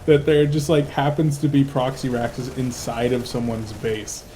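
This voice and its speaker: A tired man casting a video game match live, with rapid play-by-play and excitable bursts. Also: mid-range voice, a little hiss or hum. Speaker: play-by-play esports caster.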